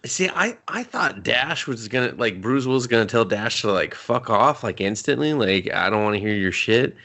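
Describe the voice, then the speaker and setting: A man's voice: medium pitch, animated, bright, forceful tone. A man co-hosting a movie review show, trading sarcastic, profane jokes in casual talk. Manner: sarcastic, swears often, quick jokes. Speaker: movie review podcast co-host.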